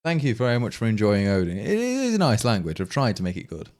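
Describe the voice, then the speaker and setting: Streaming his coding live, a Leicestershire man with an East Midlands English accent chats casually, thinks aloud and replies to his viewers. He talks fast and very animatedly, his voice fairly low and darkish in tone.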